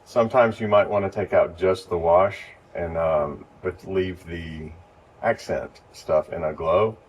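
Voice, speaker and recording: A man giving relaxed, step-by-step training to church volunteers, recorded in a church. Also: low voice, unhurried, muffled recording. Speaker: lighting instructor. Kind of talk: casual hands-on training. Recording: distant mic with faint noise.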